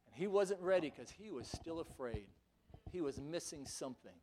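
A man with a high voice preaches a sermon. He delivers it emphatically, piling up rhetorical questions and at times pushing toward a shout. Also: animated, moderate pace, a little hiss or hum.

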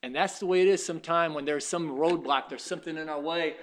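A man preaching a sermon, telling stories and swinging from quiet asides to loud, high exclamations. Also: quick pace. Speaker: pastor.

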